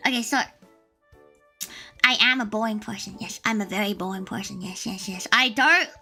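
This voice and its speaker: A young woman telling a story casually on a livestream. She is animated and exclamatory, with lots of filler words. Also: mid-range voice, moderate pace, faint music behind. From Australia. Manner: animated, exclamatory, many fillers and bursts of laughter. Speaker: livestream host.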